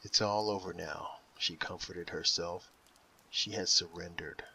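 A man reading an audiobook in slow, measured scripted narration, dropping softly for quoted inner voices. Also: sits low, steady tone, creaky, slight background noise, rough recording.

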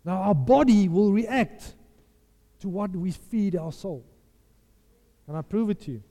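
A man's voice: high voice, expressive, a little slow, mellow. A man preaching a sermon, emphatic and impassioned, repeating his phrases for effect. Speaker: pastor. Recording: long hall reverb.

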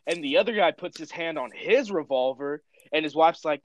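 A man's voice: on the high side, animated, fast. Slangy young man, rambling. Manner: rambling storyteller, heavy slang and swearing. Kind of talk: casual chat.

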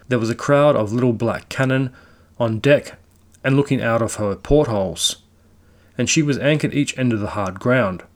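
A man narrating a classic ghost story aloud in a measured storytelling manner. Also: mid-range voice.

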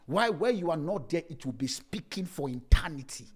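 A man's voice: on the high side, lively intonation, moderate pace, husky. A young adult male pastor preaching a sermon, reading scripture aloud and telling humorous personal stories to his congregation. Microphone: streamed service mic.

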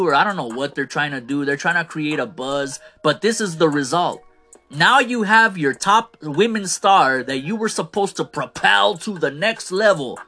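Ranting man with a bright voice. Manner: fired-up, ranting, trails off low on "man". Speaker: wrestling commentary host. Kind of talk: casual opinion rant.

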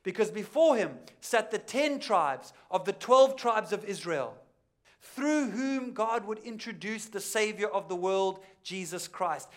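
A man preaching a sermon as pastor, building to emphatic peaks and then dropping to quiet, intense lines, repeating key phrases for weight. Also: high-pitched. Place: church.

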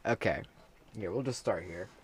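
A man's voice: low-pitched, normal speed, slight background noise. A man hosting a casual podcast, rambling and trailing off with lots of fillers. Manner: rambling, hesitant, many fillers. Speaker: podcast host. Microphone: video camera setup.

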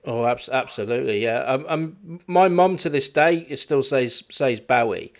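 A man's voice: mid-range voice, moderate pace. A man hosting a local radio show, interviewing a guest with many fillers and restarts, then reading the news.

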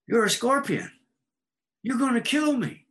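A frog who can't believe what he's hearing, shrill and indignant, as a man puts him on while telling a fable. The voice leaps high above the teller's own and squeaks with outrage. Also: big pitch swings, unhurried, a bit bright, exaggerated voice. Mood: alarmed.

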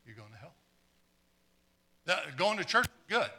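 A man preaching a live sermon, earnest and stumbling over repeated words, trading jokes with the congregation and swinging from quiet asides to fired-up exclamations. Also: a little high, very animated, a little slow, vocal fry, husky. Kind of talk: live sermon with audience volunteers.

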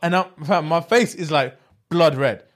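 A man's voice: a little high, moderate pace. A young man telling a story in casual chat, acting out the voices of the people in it and using slang. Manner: animated, acts out voices in his stories, London slang.

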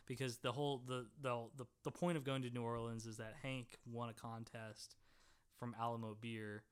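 A man's voice: mid-range voice, normal speed, smooth. A man co-hosting a podcast, chatting casually and animatedly and laughing often. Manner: animated, laughs often, quotes lines in voices. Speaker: podcast co-host. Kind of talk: casual chat.

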